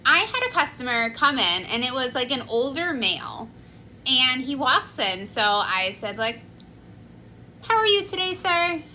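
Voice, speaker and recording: A woman's voice: high voice, sharp tone, slight background noise, low-quality recording. A woman in her twenties telling a personal story in a chatty vlog, with lots of filler words. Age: 20s. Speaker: vlogger. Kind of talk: casual storytime.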